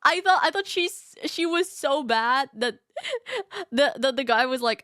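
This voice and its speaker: A woman streamer reading a story aloud and reacting in casual chat, animated and giggly, often laughing. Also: sits high, measured pace, dry recording, studio quality. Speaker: VTuber streamer.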